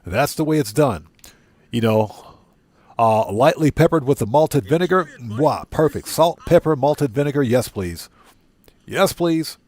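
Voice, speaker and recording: A man's voice: medium pitch, animated, a little slow, a little mellow, dry recording. A man livestreaming a video game, chatting casually with viewers and repeating himself for emphasis. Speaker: streamer.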